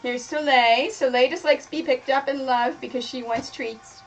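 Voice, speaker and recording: A woman's voice: high-pitched, fairly even intonation, moderate pace, recorded from a distance, low-quality recording. A woman streaming from her home craft room, chatting casually in a rambling way with many fillers. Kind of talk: casual chat while quilting. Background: music playing.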